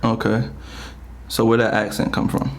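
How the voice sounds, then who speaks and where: A man's voice: on the low side, flat delivery, normal speed, a little hiss or hum. A man hosting a casual podcast interview, circling his questions with lots of fillers and restarts. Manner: hesitant, full of fillers like okay and all right. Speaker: podcast host.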